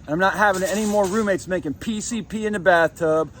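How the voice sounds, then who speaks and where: A man's voice: high voice, fast, a little hiss or hum. A man recording himself on a phone in a shared apartment, ranting angrily with lots of swearing. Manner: profane, heated and confrontational. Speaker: vlogger. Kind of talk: angry ranting vlog.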